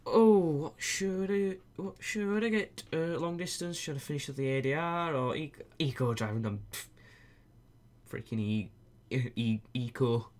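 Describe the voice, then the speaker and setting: A young British man chatting excitedly to himself while commenting on a truck-driving game. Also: a little high, unhurried. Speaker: gaming video host. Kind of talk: casual gameplay commentary. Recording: loud game rain and engine noise. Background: truck game sounds, rain, reversing beeps.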